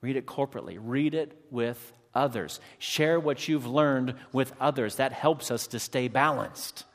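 A man's voice: medium pitch, unhurried. A man preaching a sermon as pastor, addressing his congregation and calling out for amens. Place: church sanctuary. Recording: long hall reverb.

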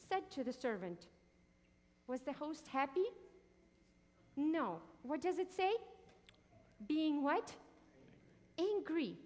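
Woman teaching scripture, high voice in a hall. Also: sing-song, takes it slowly, pauses often, a little mellow. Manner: asks the listeners questions and answers them. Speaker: Bible teacher. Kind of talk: teaching sermon.

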